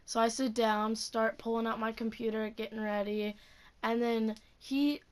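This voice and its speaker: Teen woman, storytime vlogger, profane and rambling, slightly high-pitched. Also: level tone, a little slow. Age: teens. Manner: casual, profane, heavy use of "like". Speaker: student. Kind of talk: storytime vlog rant.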